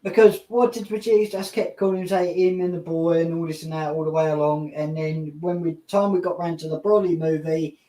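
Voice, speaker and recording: A man's voice: on the high side, little pitch movement, brisk, few pauses, mellow. Laid-back man in a roomy room. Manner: laid-back, chuckling, rambling. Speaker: podcast host. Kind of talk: casual podcast chat. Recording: roomy echo.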